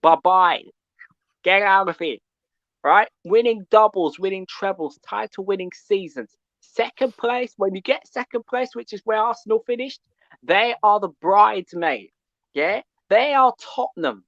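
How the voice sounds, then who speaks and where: A male caller ranting about football, loud and animated, who keeps asking "yeah?" between points. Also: sits high, a little slow, no room sound, lo-fi sound. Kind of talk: call-in football rant.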